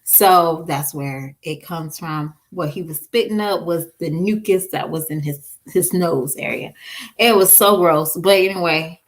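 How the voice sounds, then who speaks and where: A woman in her thirties telling her viewers a story about her son, in a casual, animated way, laughing often and restarting words. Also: lowish voice, unhurried. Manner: talks straight to viewers with slang and "y'all". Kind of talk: casual story time vlog.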